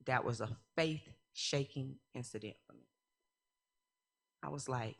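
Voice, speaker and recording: A woman in her thirties giving a personal testimony at church, candid and humorous, moving from quiet reflection to loud, animated stretches. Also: rumbling low, a little slow, vocal fry, long pauses, breathy edge.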